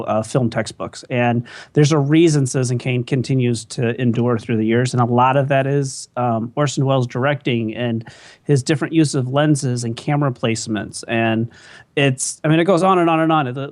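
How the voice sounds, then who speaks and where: A man's voice: mid-range voice, dry recording. Guy rambling about movies on a podcast, lots of ums, dry close mic. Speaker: podcast co-host. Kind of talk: casual film discussion.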